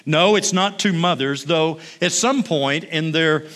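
A male pastor giving a sermon, lively when he tells stories and hushed and slow when he prays. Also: on the high side.

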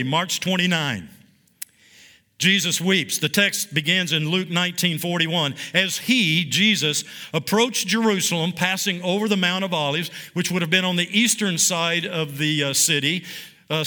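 A man's voice: a little high, sharp tone. A man teaching a Bible study like a sermon, emphatic, with dramatic repeated phrases and questions to his listeners. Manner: asks the audience questions.

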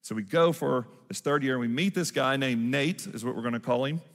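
A man's voice: mid-range voice, a little fast. A man preaching a sermon from a church stage, telling a story and acting out the people in it. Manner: storytelling, acts out quoted voices. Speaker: pastor. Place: large church hall. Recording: church hall reverb with music.

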